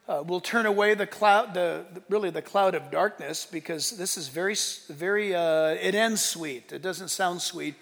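A man's voice: high-pitched, creaky, bright, forceful tone. A male pastor preaching a sermon with humor, joking with the congregation, in a hall with long reverb. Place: church hall with live congregation.

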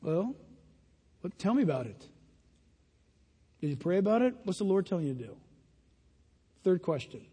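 A man preaching a sermon as a pastor, in an animated style that mocks other voices in put-on quotes. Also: high voice, normal speed, long pauses, breathy edge. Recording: long reverb of a large hall.

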